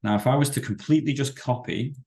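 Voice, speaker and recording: A man teaching a web development lesson over a screen-share, explaining with halting, self-correcting sentences and many fillers. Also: medium pitch, darkish tone. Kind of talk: screen-share coding tutorial.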